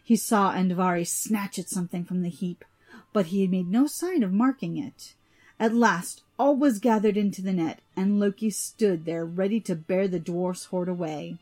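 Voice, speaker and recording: A woman reads an old myth aloud at a steady, deliberate pace. Her narration is even and plain, with a few small restarts. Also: mid-range voice. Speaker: storyteller. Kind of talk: storybook reading of a myth.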